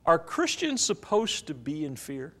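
A man's voice: on the high side, wildly swooping pitch, a little slow, fairly bright tone. A man preaching a sermon, telling a story and asking the congregation questions. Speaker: pastor.

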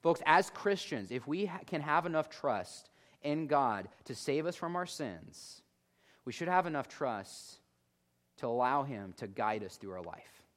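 A man preaching a sermon in an animated, conversational way, talking directly to his listeners. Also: mid-range voice, a little slow.

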